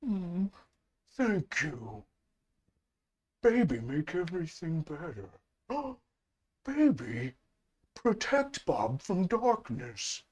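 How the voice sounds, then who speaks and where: A hulking, gentle creature speaking in slow, broken, childlike phrases, as a man puts him on. The words come out one heavy step at a time. He sounds simple and earnest. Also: sits high, big pitch swings, a little hiss or hum, heavily acted. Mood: grateful.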